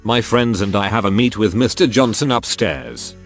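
A man's voice: lowish voice, moderate pace, faint music behind. A synthetic male text-to-speech voice reading the lines of a nervous, polite young man in a story, with no acted voice of its own.

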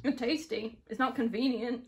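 A woman's voice: fairly high pitch, steady tone, moderate pace. A woman co-hosting a casual snack tasting, chatting about flavours and textures. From United Kingdom. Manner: chatty, describes flavours and textures, laughs often. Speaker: co-host. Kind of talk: casual unboxing and tasting chat.

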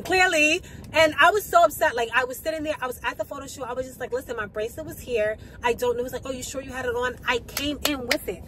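A woman's voice: on the high side, background noise. Chatty young woman with a numb mouth. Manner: chatty, swears freely, rambling and animated. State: numb mouth, speech slightly slurred. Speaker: vlogger. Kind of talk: casual vlog chat to camera. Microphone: handheld camera at arm's length.

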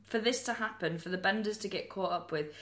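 A woman's voice: mid-range voice, a little fast, fairly bright tone. A woman comedian co-hosting a true-crime podcast, talking bluntly with sarcastic, sweary asides. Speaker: comedian co-host. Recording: roomy echo.

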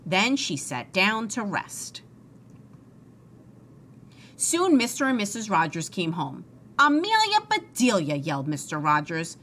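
A woman reads a children's storybook aloud in an expressive, sing-song way. Her voice is bright and lively in pitch, and a faint hiss sits beneath it. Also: slow, long pauses. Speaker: storybook reader. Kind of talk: reading a children's book aloud.

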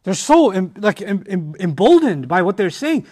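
A man giving an animated, emphatic scripture lesson as a teacher, with frequent restarts. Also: high-pitched, normal speed, hardly any pauses, husky. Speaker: Quran teacher. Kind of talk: lecture on scripture.

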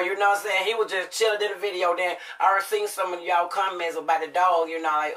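A mother chats to her viewers in a casual, storytelling way, with a bright tone. She acts out the quotes with emotion and swings from hushed to lively. Her voice sits a little back from the microphone. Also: lowish voice, a little fast, far from the mic, rough recording. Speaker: mother and family vlogger.

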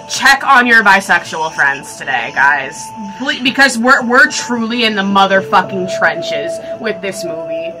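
A woman in her twenties giving a casual movie reaction, gushing and excitable, swearing freely and breaking into shrieks and laughter. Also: medium pitch, measured pace, hardly any pauses, low-quality recording. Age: 20s. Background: film soundtrack music.

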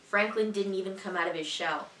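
A woman teacher reading a children's picture book aloud in a clear, expressive, evenly paced way. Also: mid-range voice, a little fast, recorded from a distance. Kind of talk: storybook read-aloud for children. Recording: echoey room, voice a bit off-mic.

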